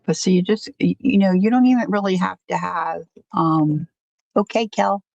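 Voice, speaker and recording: A woman's voice: fairly low pitch, moderate pace, gravelly, a little mellow, highs cut off. A woman hosting a casual crafting livestream, rambling and self-deprecating, often stopping to restart her sentences. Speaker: crafting channel host.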